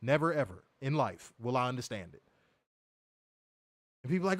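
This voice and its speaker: A man hosting a wrestling review show trades casual, profane banter and tells lively, animated stories full of mocking impressions. His voice is high-pitched and a little fast with frequent pauses, recorded in clean studio sound with no echo.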